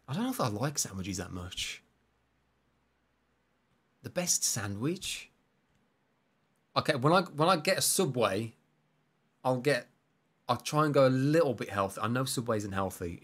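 A man's voice: mid-range voice, fairly bright tone. Casual streamer man. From West Midlands, England. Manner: casual and self-deprecating, reading chat between bursts of game reactions. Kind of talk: live gameplay stream, chatting with viewers.

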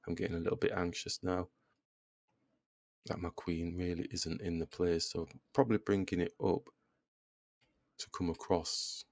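A man's voice: sits low, level tone, moderate pace, pauses often, darkish tone, no echo, clean studio sound. A man giving casual chess commentary, thinking aloud move by move and groaning at his own mistakes. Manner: self-deprecating, groans at his own blunders. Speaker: chess video creator.

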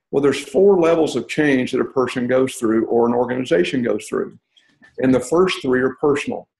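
Man with a gravelly voice, patient teacher type on a podcast. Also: medium pitch, roomy sound, low-quality recording. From Texas. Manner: steady, teaching step by step. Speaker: guest, leadership teacher. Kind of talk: explanatory podcast interview.

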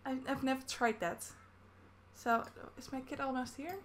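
A woman's voice: high-pitched, steady tone, normal speed, very noisy. A woman from the Netherlands giving casual commentary as she plays a life-sim game, chatting through each action. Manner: chatty, narrating her own game actions. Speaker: gaming YouTuber. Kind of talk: casual Let's Play commentary.

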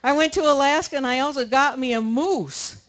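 A woman's voice: high voice, fairly quick. A woman speaking at a camp meeting, telling a rambling, colloquial story to a live audience. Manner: chatty, rambling, colloquial with many restarts.

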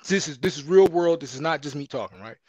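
A male guest on an online panel, explaining his position calmly and checking with "right?". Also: fairly high pitch, fast, husky, no echo. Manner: calm explaining, repeats "right?". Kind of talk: debate on a panel.

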